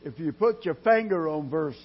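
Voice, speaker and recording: A man preaching a sermon in a dramatic style, dropping to a hush and then rising loud, drawing his words out slowly. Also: fairly high pitch, lively intonation, husky. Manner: dramatic preaching with sudden loud rises and quiet drops; slow, drawn-out delivery. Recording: dull lo-fi sermon recording.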